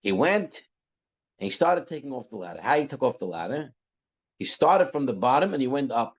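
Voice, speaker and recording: A man's voice: mid-range voice, very animated, brisk, breathy edge. A man teaching a religious class, telling stories in a conversational way that often checks in with "right?". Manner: conversational, repeats phrases, asks "right?". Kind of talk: Torah class with storytelling. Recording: muffled lo-fi recording.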